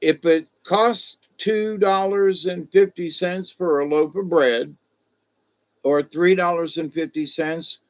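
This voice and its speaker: A man's voice: on the high side, steady tone, slow, lo-fi sound. A man hosting a casual livestream, rambling in a loose, folksy way and greeting viewers by name. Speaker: livestream host.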